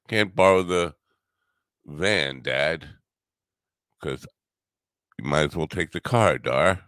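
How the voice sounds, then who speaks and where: A man's voice: very deep voice, expressive, takes it slowly, vocal fry, pauses often, a bit bright, no room sound, clean studio sound. A tired man, rambling through a wisecracking, sarcastic solo podcast monologue as its host. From New York.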